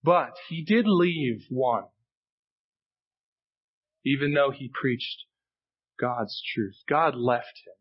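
Emphatic preaching man, husky voice. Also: medium pitch, takes it slowly, pauses often, highs cut off. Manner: earnest, emphatic preaching with repetitions. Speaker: pastor. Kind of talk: sermon. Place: church sanctuary.

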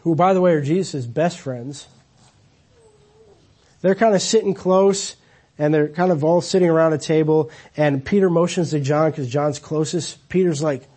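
A man preaches in a relaxed, storytelling way, asking the congregation rhetorical questions as he goes. His voice sits high for a man, with a mellow, husky grain. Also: moderate pace. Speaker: pastor. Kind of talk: sermon. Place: church.

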